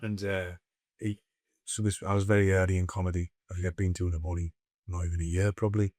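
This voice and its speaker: A man's voice: sits low, quick pace, dry recording, clean studio sound. A man, telling stories as a comedian co-host of a casual podcast, swearing constantly. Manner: swears constantly, animated anecdotes. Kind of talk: casual storytelling chat.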